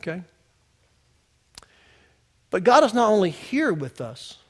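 A male pastor preaches conversationally, telling personal stories directly to his congregation. His high, sing-song voice moves slowly and swings between loud and hushed.

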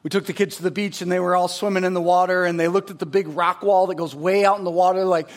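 A pastor in his forties delivers a sermon full of energetic storytelling, his emphatic delivery rising as he goes. His voice sits high and he talks fast.

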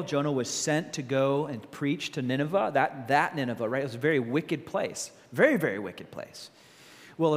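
Animated male pastor preaching in a hall. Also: fairly high pitch. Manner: animated, asks many rhetorical questions. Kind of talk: sermon.

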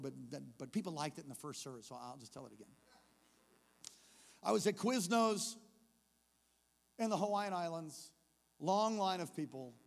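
Animated high-voiced preacher in a reverberant church. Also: male voice, creaky. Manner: animated, building from hushed to shouting. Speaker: pastor. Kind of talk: storytelling sermon. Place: church service.

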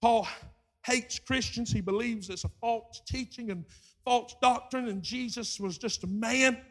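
A man preaching a sermon, moving from quiet storytelling to shouted preaching and acting out voices in his retelling. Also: very high voice, a little slow.

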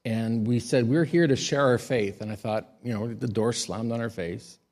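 A man, a pastor, giving a sermon: he tells stories in a quiet voice and rises to loud, emphatic high peaks. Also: normal speed.

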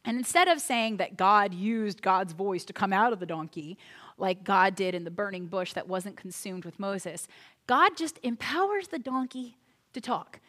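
Lively woman preacher telling a story. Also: medium pitch, normal speed. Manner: lively, animated retelling with asides. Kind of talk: sermon storytelling.

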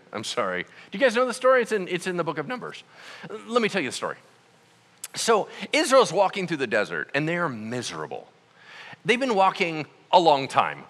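A man preaching a sermon, telling a story in an animated, comic way with voices for the people in it. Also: medium pitch, long reverb tail. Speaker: pastor.

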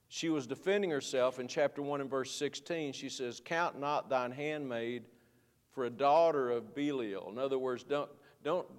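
A man's voice: medium pitch, long reverb tail. A man teaching a Bible study lesson to his class, folksy and rambling, often restarting his sentences. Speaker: Sunday school teacher.

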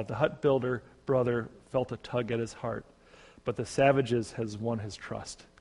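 A male pastor telling a parable in a measured, even way. His middle-pitched voice rings with a long reverb. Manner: measured storytelling. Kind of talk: sermon storytelling.

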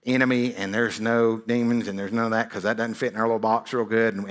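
A man's voice: mid-range voice, fairly bright tone. A man preaching a sermon as a pastor, in a conversational style, often asking "right?" and repeating words as he builds a point.

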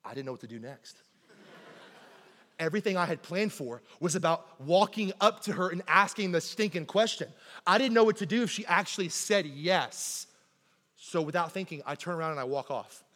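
A man preaching a sermon in a church, telling stories in a lively, conversational way and often asking "right?". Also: high-pitched, moderate pace. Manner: animated conversational storytelling, keeps asking "right?". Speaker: pastor. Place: church sanctuary. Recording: long hall reverb in a church.

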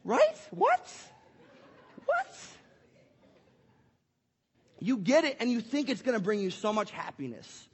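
A young pastor gives a family sermon in a very high, husky voice. He is playful and energetic, slipping into little acted scenes. The church hall lends it a long, echoing reverb. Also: brisk, few pauses.

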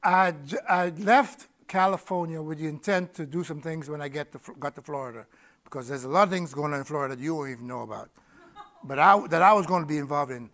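High-voiced man preaching a lively testimony. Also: fast talker. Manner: animated storytelling, laughing, repeats words. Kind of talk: testimony sermon.

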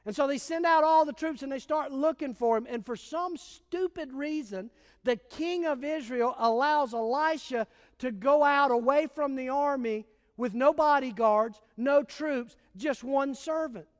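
A man's voice: extremely high pitch, a little slow, in a large hall. A man preaching a sermon as pastor, telling stories in a casual, emphatic way.

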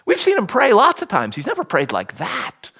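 A male pastor preaching a sermon, animated and emphatic, repeating key words for stress. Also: sits high, normal speed, breathy edge.

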